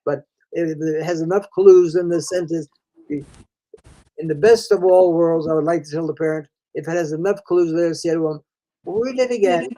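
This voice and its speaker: A man's voice: on the high side, fairly even intonation, moderate pace, dark tone, poor audio. An older man, a reading specialist, explaining in a folksy conversational way, calling the listener "friend" and restarting his sentences often.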